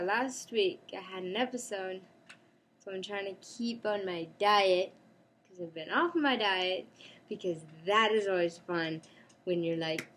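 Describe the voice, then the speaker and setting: A woman's voice: fairly low pitch, slight background noise. A woman chatting casually in a rambling home vlog, breaking off now and then to talk to her pet. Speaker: cosplay vlogger. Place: home apartment.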